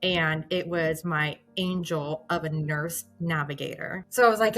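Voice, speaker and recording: A woman in her thirties telling her own story as a patient, animated and acting out her past reactions, close to tears at times. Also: sits low, measured pace, soft background music. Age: 30s. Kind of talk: emotional personal storytelling.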